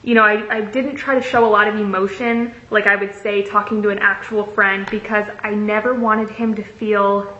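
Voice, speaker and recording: A woman's voice: mid-range voice, little pitch movement, moderate pace, sharp tone. A young woman vlogger telling a story in a casual, chatty way, swearing freely and filling her talk with likes and ums. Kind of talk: casual storytime, reading messages aloud. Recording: echoey room, slightly muffled.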